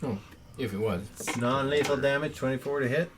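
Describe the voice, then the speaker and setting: A man playing a tabletop game, chatty and quick to laugh. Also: mid-range voice, background noise. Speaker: player. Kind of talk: casual tabletop game chat.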